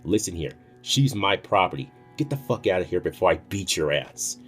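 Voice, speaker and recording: A man voicing an angry, possessive young man who shouts curses and threats at a party. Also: low-pitched, expressive, moderate pace, soft background music.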